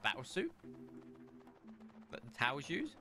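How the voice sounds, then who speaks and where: A man's voice: medium pitch, wildly swooping pitch, a little slow, sharp tone. A young man chatting casually while streaming a video game, rambling into stories and asides. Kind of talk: casual gameplay commentary. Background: faint game music.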